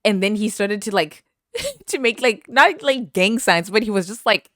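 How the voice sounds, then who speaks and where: A young woman from western Canada, hosting a podcast and telling a story in an animated way, laughing often and acting out what people said. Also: medium pitch, normal speed, no room sound, studio quality. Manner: animated, laughs often, heavy use of "like", acts out quotes. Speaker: podcast host. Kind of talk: casual storytelling.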